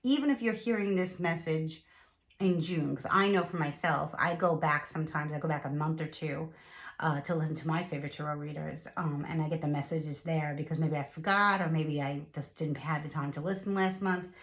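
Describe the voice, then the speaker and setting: A woman's voice: sits low, fairly quick. A woman chatting through a casual tarot reading to her viewers, repeating herself and using lots of fillers. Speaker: tarot reader.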